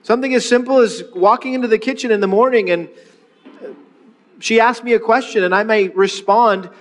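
High-voiced preacher in a reverberant hall. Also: male voice, fairly even intonation, brisk. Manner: leads the congregation in call-and-response repetition; conversational, with frequent restarts and rhetorical questions. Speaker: pastor. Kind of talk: sermon. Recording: long reverb of a large hall.

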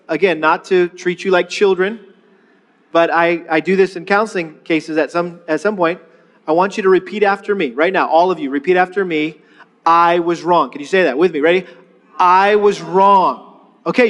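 Pastor, male, middle-aged: a high, talky sermon voice full of restarts and call-and-response, recorded in a big reverberant sanctuary. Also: fairly bright tone. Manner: leads the congregation in call-and-response repetition; conversational, with frequent restarts and rhetorical questions. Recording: long reverb of a large hall.

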